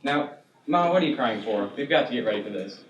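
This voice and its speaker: A student actor playing an earnest, nervous young groom in a school stage play, heard from far off in an echoey auditorium. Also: male voice, medium pitch, expressive, fast, lo-fi sound, noisy background, close to an everyday voice. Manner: earnest, restless.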